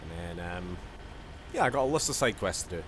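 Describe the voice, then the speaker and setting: Scottish man, gaming streamer, rambling, jokey, low voice, faint background hum. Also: sing-song, a little fast. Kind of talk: casual live-stream commentary.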